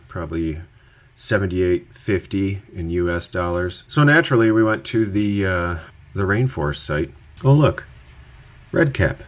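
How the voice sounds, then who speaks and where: A middle-aged man talks his way through fixing an old chainsaw in a casual, rambling manner. His voice sits a little low, and he keeps chuckling at his own mistakes. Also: dry recording. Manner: rambling, self-deprecating, chuckles often. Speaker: channel host repairing a chainsaw. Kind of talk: casual workshop narration.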